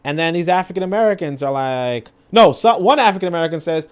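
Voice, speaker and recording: A man's voice: a little high, lively intonation, fast, hardly any pauses, smooth. A man commenting casually on a clip, rambling with many fillers. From New York. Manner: rambling, filler-heavy, acts out quoted voices.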